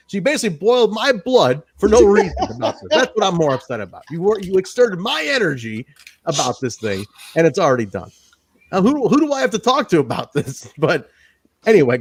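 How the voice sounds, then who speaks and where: A man co-hosting a casual wrestling review show, ranting animatedly and swearing freely. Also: a little high. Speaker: podcast co-host.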